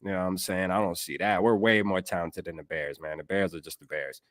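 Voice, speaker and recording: A man's voice: low voice, steady tone, fairly quick, no echo, studio quality. A man hosting a sports podcast livestream, laid-back and slangy, greeting viewers in chat. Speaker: podcast host.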